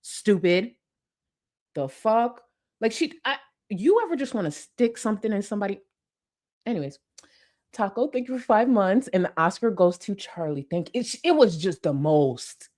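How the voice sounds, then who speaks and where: A young adult woman, a commentary YouTuber, reacts to a livestream with blunt sarcasm, swearing freely as she talks back to the clip. Her voice is medium-pitched and animated, with a darkish tone, and she speaks at a normal speed.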